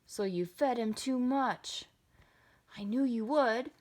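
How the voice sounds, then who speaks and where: A woman's voice: on the high side, slow, a little mellow, pitched above the performer's own voice. A woman voicing a weary older shopkeeper in a storybook, resigned and knowing. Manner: resigned, told-you-so tone.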